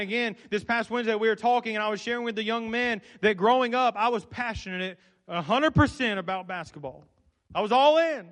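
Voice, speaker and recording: High-voiced preacher in a reverberant hall. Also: male voice. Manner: swings between loud fervent and soft low delivery. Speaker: pastor. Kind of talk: sermon.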